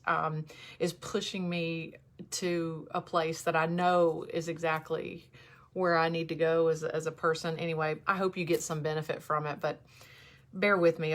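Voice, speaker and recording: Emotional woman on a livestream. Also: sits low. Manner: candid, emotional, halting with restarts. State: emotional, on the verge of tears. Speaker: host. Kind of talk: livestream talk to viewers. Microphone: camera in front of her.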